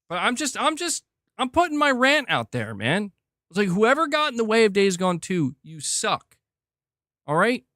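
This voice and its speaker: A man hosting a livestream, ranting in a heated, animated way and swearing freely while reading chat. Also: sits high, no room sound, studio quality. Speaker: streamer host. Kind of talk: casual livestream rant.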